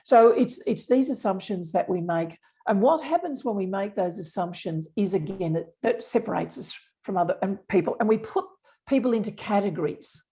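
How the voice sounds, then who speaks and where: Mellow woman explaining earnestly. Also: mid-range voice, expressive, moderate pace. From Australia. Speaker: unconscious bias specialist. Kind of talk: interview conversation.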